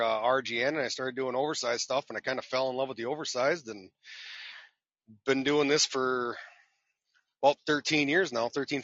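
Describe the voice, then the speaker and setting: A man's voice: medium pitch, dry recording, lo-fi sound. A man, a truck driver guest on a podcast, telling self-deprecating stories in casual chat and acting out the people in them. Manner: self-deprecating, animated storyteller who acts out quotes. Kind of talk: casual storytelling interview.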